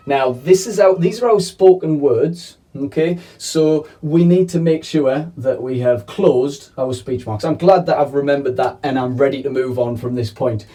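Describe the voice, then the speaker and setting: A man's voice: medium pitch, normal speed, hardly any pauses, dark tone, far from the mic, faint music behind. A man teaching a children's video lesson in a playful, chatty way, often checking in with "okay?". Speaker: primary school teacher.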